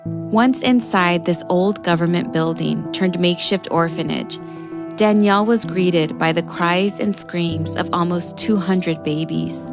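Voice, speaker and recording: Low-voiced woman narrating over music. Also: a little slow. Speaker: podcast narrator. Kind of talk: scripted narration.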